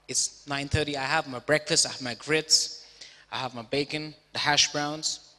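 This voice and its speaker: A man voicing a boastful male Texan farmer who tells a long story slowly, in a reverberant auditorium. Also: fairly high pitch, pushed and bright.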